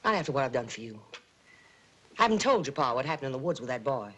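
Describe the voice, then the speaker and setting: A woman's voice: extremely low pitch, sing-song, quick pace, husky, exaggerated voice. An actress playing a sly, needling aunt who threatens her niece in a 1950s TV drama. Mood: threatening. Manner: sly, insinuating, sharp when crossed.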